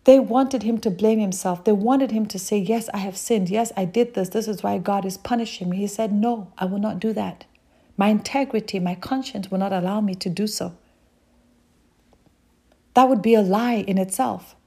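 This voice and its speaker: A woman's voice: mid-range voice, moderate pace, mellow, breathy edge. A woman preaching a sermon, reading scripture aloud and speaking directly to her listeners in an earnest way.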